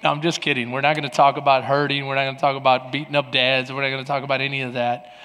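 A man preaching a sermon as pastor. His delivery is loud and lively, then drops to soft, earnest talk, and he repeats words and restarts often. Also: medium pitch, racing, long reverb tail. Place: large church.

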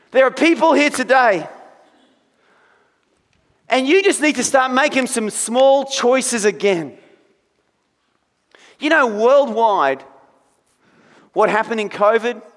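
A man preaching in a high, piercing voice that rings out across a church sanctuary. His sermon swells into shouted peaks and sinks back to hushed storytelling, with a long reverb trailing each phrase. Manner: preaching with rising intensity, sometimes shouting. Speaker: pastor.

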